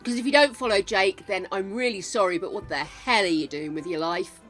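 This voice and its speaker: An older woman streams a game and chats casually with viewers, showering them with endearments like darlings and gorgeous ones. She talks a little fast at medium pitch with a slightly bright voice, over soft background music.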